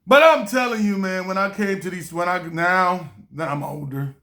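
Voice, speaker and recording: A young man from a small town tells a story straight to camera, casual and animated. His voice is bright and forceful, and he laughs often as he acts out the people in his tale. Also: high voice, normal speed. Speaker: vlogger.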